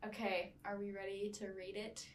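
A young woman co-hosting a podcast, reviewing a movie casually in halting speech full of fillers and trailing off. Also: medium pitch, level tone, slight background noise. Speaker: podcast co-host. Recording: echoey room, far from the mic.

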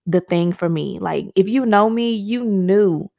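Slow-talking candid woman podcast host. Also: mid-range voice, creaky, dark tone. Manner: candid, venting, talks straight to listeners. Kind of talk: casual solo podcast talk.

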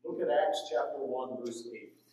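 A man's voice: mid-range voice, moderate pace, darkish tone. A man teaching an adult Sunday school Bible lesson in a church classroom, talking conversationally and asking the class questions. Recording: very echoey room, mic far off.

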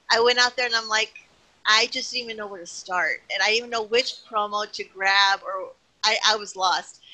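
Middle-aged lady telling stories in an interview, kinda high voice, super bright and piercing. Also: rough recording. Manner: animated, chatty, tells anecdotes with acted-out quotes. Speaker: guest, retired wrestling personality. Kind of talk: casual interview storytelling.

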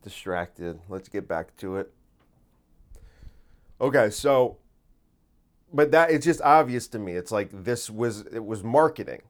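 A man's voice: fairly low pitch, animated, measured pace, long pauses. A man hosting a podcast, talking in a rambling casual monologue, full of fillers and swearing. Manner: rambling, many fillers, profane. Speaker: podcast host.

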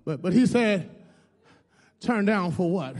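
Male preacher, very high gravelly voice, call-and-response sermon, long church reverb. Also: animated, slow pace. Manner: call-and-response preaching, shouting and dropping low; repeats words and addresses the congregation as y'all. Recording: reverberant hall with music under.

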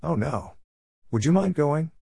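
A man's voice: a little high, expressive, a little slow, gravelly, dark tone, husky, no echo, studio quality, pitched above the performer's own voice, full character voice. A man voicing an anxious, apologetic grown daughter in a raised, hesitant voice. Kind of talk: audiobook character voice.

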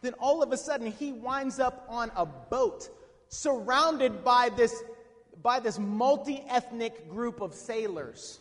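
A man preaching a sermon with dynamic swings from hushed to shouting, asking the congregation questions. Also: very high voice, expressive, slow. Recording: long reverb of a hall.

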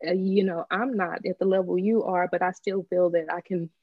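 A woman from Texas with a deep Southern accent, a business owner guesting on a podcast, talking candidly and laughing often. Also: little pitch movement, a little fast, no room sound, phone-quality sound. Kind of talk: casual interview chat.

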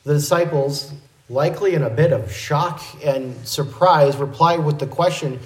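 A male pastor giving an expository sermon in a measured, explanatory teaching manner. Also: a little high, roomy sound, rough recording.

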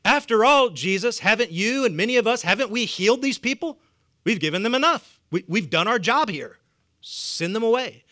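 A man's voice: high-pitched, expressive, moderate pace, pushed and bright, voice pushed up. A man voicing a group of practical male disciples in a Southern US accent, reasoning aloud in disbelief. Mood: protesting.

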